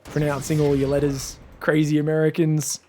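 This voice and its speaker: A man giving solo esports commentary in a chatty, joking way with excitable asides. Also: fairly high pitch, moderate pace. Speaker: esports caster.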